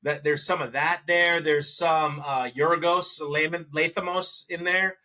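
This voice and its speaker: Bright-voiced man rambling through a movie review. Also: a little high, measured pace. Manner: rambling, animated, with self-corrections and laughs. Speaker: podcast co-host. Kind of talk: casual movie review chat.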